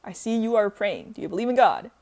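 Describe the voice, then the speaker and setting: A woman reading the lines of a polite, measured young man from a visual novel, in her own voice. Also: mid-range voice, big pitch swings, a little mellow.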